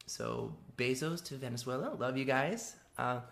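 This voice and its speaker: A man's voice: medium pitch, expressive, normal speed, creaky, fairly bright tone. Chatty man streaming live from home. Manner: chatty and rambling, laughs often while reading out chat. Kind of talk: casual live-stream chat.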